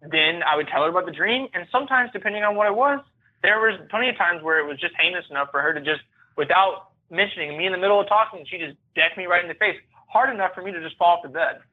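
A man's voice: high-pitched, quick pace. A man, a podcast guest, telling his own story in an earnest, candid and reflective way. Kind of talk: personal storytelling. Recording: tinny phone-like line.

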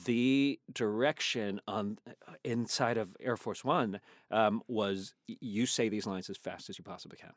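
A man's voice: on the low side, measured pace, no echo. Man telling stories in dry sound. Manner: animated storyteller, quotes others in changed voices. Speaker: actor guest. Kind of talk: casual interview chat.

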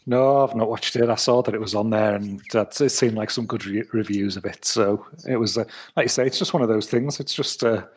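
A man with a slightly husky voice chats on a podcast. He rambles and hesitates, filling gaps with "uh" and casual swearing. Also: lowish voice, brisk.

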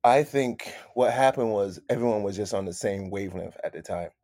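A man telling stories as a guest in a casual interview, animated, repeating his phrases and calling people "man". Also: lowish voice, brisk, dry recording, studio quality. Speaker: guest musician.

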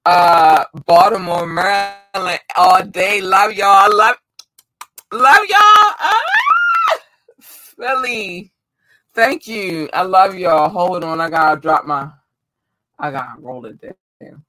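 Excited, effusive man with a high, bright voice. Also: slow pace, slight background noise, low-quality recording. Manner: excited, effusive, stumbles over place names. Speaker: host shouting out listeners. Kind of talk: casual chat.

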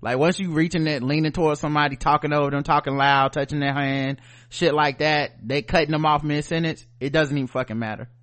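Animated, profane man talking casually. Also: a little high, a little fast. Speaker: podcast co-host. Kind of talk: casual chat.

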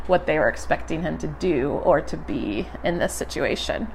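A woman's voice: low-pitched, expressive, moderate pace, creaky, darkish tone, slight background noise. A woman leading a church group, reading a Bible passage aloud and chatting casually between lines with frequent laughs. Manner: laughs often, casual and upbeat. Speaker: group leader.

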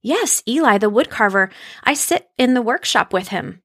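A woman's voice: fairly high pitch, expressive, moderate pace, pitched above the performer's own voice. A woman voicing a carefree female wooden doll who speaks in a light, breezy way.

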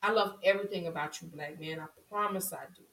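A woman's voice: on the low side, quick pace, fairly bright tone. An impassioned woman talks straight to her viewers, repeating lines for emphasis as her feeling builds. Her voice sits back from the mic in a roomy, echoing space. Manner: impassioned, repetitive, voice rising with emotion. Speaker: vlogger. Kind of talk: emotional monologue to camera. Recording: roomy echo, voice from a distance.

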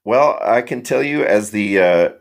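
A man from Kansas City, a guest on a sports podcast, telling a story in an animated way. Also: lowish voice, measured pace, gravelly. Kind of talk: casual sports podcast chat.

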